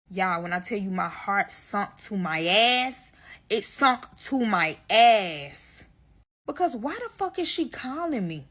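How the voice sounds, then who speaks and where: Husky, bright-voiced woman telling a dramatic story. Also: mid-range voice. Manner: profane, dramatic storytelling to viewers. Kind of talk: storytime vlog.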